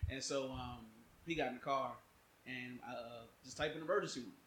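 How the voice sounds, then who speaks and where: A young man telling a story on a podcast in an animated way, laughing as he goes. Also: mid-range voice, normal speed, echoey room, a little hiss or hum, poor audio. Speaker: podcast co-host. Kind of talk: casual chat.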